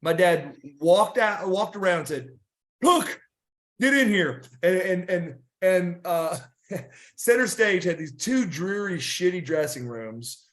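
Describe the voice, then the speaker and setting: A man's voice: high voice, animated, a little slow. A middle-aged man telling rambling wrestling stories in a casual interview, with many restarts and fillers. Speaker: guest wrestler.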